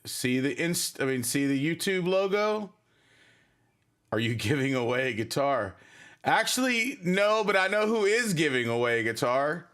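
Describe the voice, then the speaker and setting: A man's voice: on the high side, big pitch swings, moderate pace, a bit bright. A man hosting a casual livestream for his band, rambling and chatty as he reads viewer comments. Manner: rambling, chatty, many fillers.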